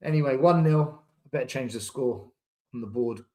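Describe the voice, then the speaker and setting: A man's voice: mid-range voice, moderate pace, darkish tone. A young man hosting a live football watchalong, exasperated, swearing and repeating himself as he reacts. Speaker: fan channel host. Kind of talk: live match watchalong commentary.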